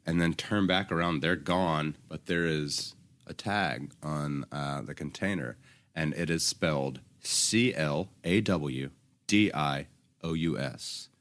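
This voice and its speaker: A man's voice: extremely low pitch, takes it slowly, a bit bright. A young man co-hosting a podcast, telling rambling anecdotes in casual chat and often laughing. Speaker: podcast co-host.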